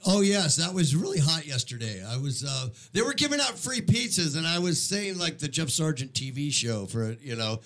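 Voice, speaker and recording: Lively-voiced man joking on live radio. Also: fairly high pitch, normal speed, few pauses. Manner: playful, joking, reads sponsor plugs. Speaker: co-host. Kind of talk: casual radio chat.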